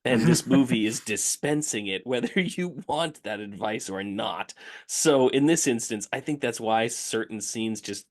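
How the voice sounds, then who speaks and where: A man co-hosting a relaxed film discussion with an animated delivery. He laughs between points and slips into quoted voices to make his case. His pitch sits in the middle. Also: measured pace. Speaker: podcast co-host.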